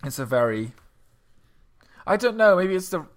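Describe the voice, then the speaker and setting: A man's voice: sits high, very animated, moderate pace. A man in a casual literary discussion who stammers at the start of a thought, then reasons steadily. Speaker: podcast co-host discussing poetry.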